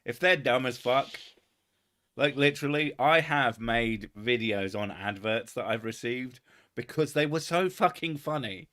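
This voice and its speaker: Man, young adult, crude sarcastic banter, heavy swearing, casual comedy chat, middle pitch. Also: a little slow, fairly bright tone. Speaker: podcast host.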